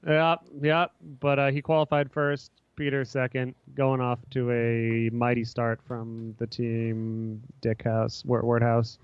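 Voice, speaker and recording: A man's voice: mid-range voice, flat delivery, slow, few pauses, clear, resonant tone, dry recording, highs cut off. A man hosting a casual podcast, talking in a laid-back, rambling, slangy way. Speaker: podcast host.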